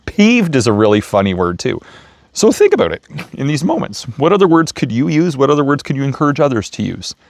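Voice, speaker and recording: A man giving a casual motivational talk, gentle and playful, chuckling as he stresses words. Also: medium pitch, big pitch swings, a little fast, no room sound, clean studio sound. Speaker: self-help speaker. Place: outdoors feeding raccoons.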